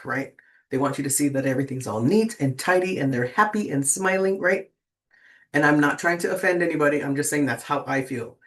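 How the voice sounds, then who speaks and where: A person in their sixties hosting a tarot channel, chatting casually and rambling with lots of fillers and restarts, and often checking in with "right?". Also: mid-range voice. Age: 60s. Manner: rambling, keeps asking "right?". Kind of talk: casual spiritual talk to viewers.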